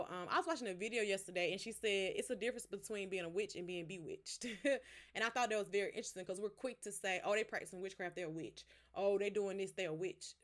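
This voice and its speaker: A woman hosting a podcast, giving a relaxed, conversational devotional teaching. She talks straight to her listeners and stops to explain words one at a time. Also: mid-range voice. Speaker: podcast host.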